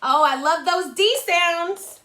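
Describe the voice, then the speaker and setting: A woman's voice: very high-pitched, takes it slowly, sharp tone. A woman teacher reading a picture book to young children in a sing-song, encouraging way. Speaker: kindergarten teacher.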